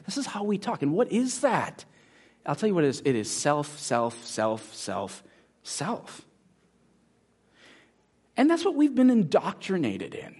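Husky guy preaching on a church stage, voice jumps all over the place. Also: fairly high pitch, brisk. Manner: animated, acts out inner voices with props. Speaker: pastor. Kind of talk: sermon.

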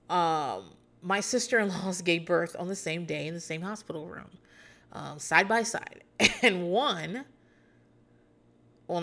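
A woman's voice: fairly low pitch, pushed and bright. A woman in her thirties hosting a casual podcast, chatty and sarcastic, swearing freely and laughing often. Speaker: podcast host recapping a reality show. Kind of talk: casual chat.

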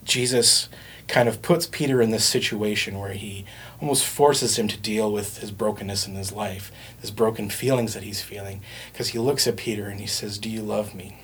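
A man's voice: lowish voice, steady tone, normal speed, a bit bright, a little hiss or hum. A man preaching a sermon in a conversational way, with frequent fillers and restarts. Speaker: pastor.

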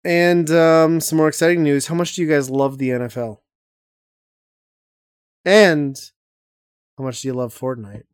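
A man's voice: fairly high pitch, a little slow, pauses often, clean tone, no echo, studio quality. A man hosting a casual podcast chat, talking enthusiastically and rambling with lots of fillers. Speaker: podcast host.

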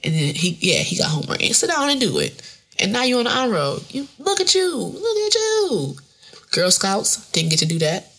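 Gravelly, husky woman podcaster. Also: mid-range voice, big pitch swings, normal speed, a bit bright. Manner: profane, rambling, laughing often. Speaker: podcast host. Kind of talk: casual solo podcast monologue.

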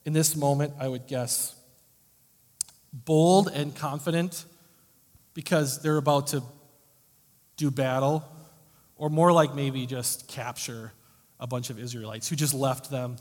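A man preaching a sermon in a conversational, wry way, swinging between loud emphasis and quiet asides. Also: medium pitch. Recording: long hall reverb.

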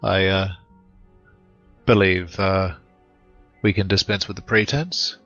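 A man voicing a polite male adventurer who speaks formally and hesitantly, halting often. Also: low voice, steady tone, a bit bright, dry recording, lo-fi sound, soft background music, voice pushed down. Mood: formal, evasive.

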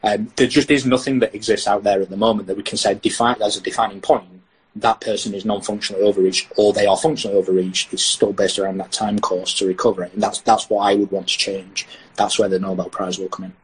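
A British sports science lecturer discusses research in a podcast interview, animatedly acting out lines from athletes and coaches. His voice is lowish and slightly rough, he talks quickly, and the audio is poor.

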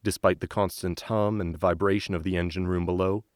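A man with a very low voice reads a story aloud as narrator, slow and measured. The recording is close and dry, with no room sound. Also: steady tone, dry recording. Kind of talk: scripted audiobook narration.

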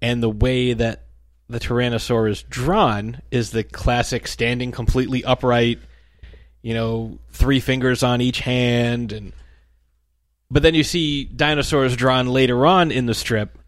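A man's voice: medium pitch, a little slow, dry recording, studio quality. A man talking casually and animatedly, retelling comic strips and briefly acting out the characters' voices. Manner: animated storytelling, acts out the characters' lines.

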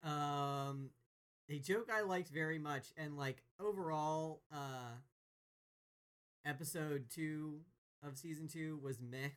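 A podcast co-host recapping a TV episode casually, often pausing and hesitating while searching for words. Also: mid-range voice, clear, resonant tone.

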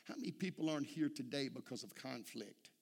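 With a medium-pitched voice and a fairly quick delivery, this man preaches in church, his words echoing through a big room. He's a pastor from Texas who spins folksy tales and often asks the congregation "amen?"

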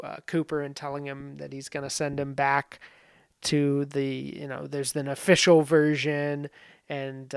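A man's voice: on the high side, clear, resonant tone, dry recording, clean studio sound. A man casually talking through film comparisons, rambling with many fillers and asides. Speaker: film commentary host. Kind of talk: casual spoken film analysis.

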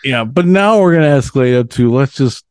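A man co-hosting a podcast in casual chat, relaxed and often chiming in with short agreements. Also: medium pitch, fairly quick, smooth. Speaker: podcast co-host.

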